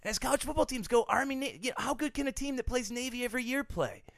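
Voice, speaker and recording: A man's voice: very high-pitched, fast talker, gravelly, fairly bright tone, full character voice. A man playing a laid-back, smug college blogger. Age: young adult. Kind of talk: improvised comedy sketch.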